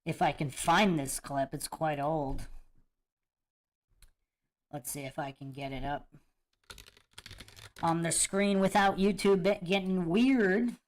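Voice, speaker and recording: Speaking slowly with frequent pauses, this livestream host has a slightly high voice and a steady tone. He talks casually to his viewers and reacts to clips, musing emphatically and repeating what he says.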